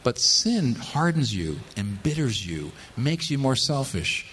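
A male pastor delivers a sermon with a lively, wide-ranging delivery, rising sharply for emphasis and then dropping low and quiet. His voice carries a long reverb from the church hall, over a faint background hiss. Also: slow pace. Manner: animated, swings between loud emphasis and quiet asides.

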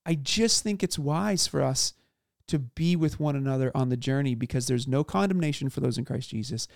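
Gravelly-voiced man musing earnestly. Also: mid-range voice, no echo, clean studio sound. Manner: earnest, searching, with halting restarts. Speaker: podcast co-host. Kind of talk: casual faith conversation.

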